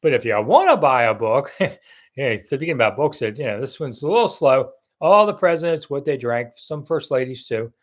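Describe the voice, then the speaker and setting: A man's voice: medium pitch, animated, moderate pace. An older man hosting a casual live sports chat, blunt and chatty as he reads viewer comments and answers them.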